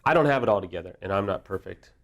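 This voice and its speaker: A man's voice: low voice, animated, very fast. A middle-aged man giving a candid, self-deprecating talk on recovery, mixing humor with open vulnerability. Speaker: affair recovery speaker. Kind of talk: candid casual teaching talk.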